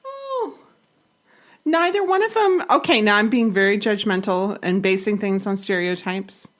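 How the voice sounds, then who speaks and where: A woman's voice: mid-range voice, animated. Wry woman reacting dryly. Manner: dry, wry questions and quick reactions. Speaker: podcast co-host. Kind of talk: casual chat, reacting to a story.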